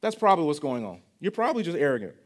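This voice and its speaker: High-voiced pastor preaching conversationally. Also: male voice, big pitch swings, rapid-fire. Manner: conversational preaching with repeated phrases and rhetorical questions. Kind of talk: sermon.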